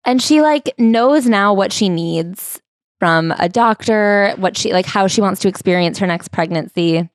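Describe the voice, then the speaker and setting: Woman, podcast co-host, wry sarcastic asides, book reading, mid pitch, dry close sound. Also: a little slow, no echo. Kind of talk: comedic book recap chat.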